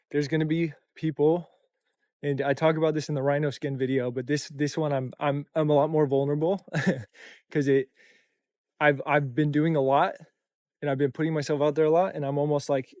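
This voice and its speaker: A man's voice: on the high side, a little mellow, dry recording, clean studio sound. A young man talking to camera in a casual vlog, tired, reflective, and full of loose run-on phrases. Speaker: content creator and coach.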